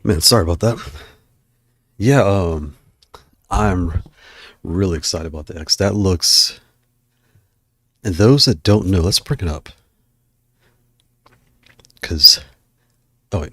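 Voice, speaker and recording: A man's voice: deep voice, unhurried, pauses often, bright, forceful tone, husky, dry recording, clean studio sound. A man hosting a casual livestream, out of breath and chatting in a rambling way while he browses. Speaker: livestream host.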